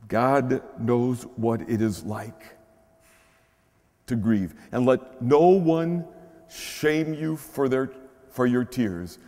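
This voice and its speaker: A man's voice: on the high side, a little mellow. Man, Midwestern American accent, pastor, conversational sermon, tag questions, long church reverb. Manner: conversational preaching with frequent tag "huh?". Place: large church shrine.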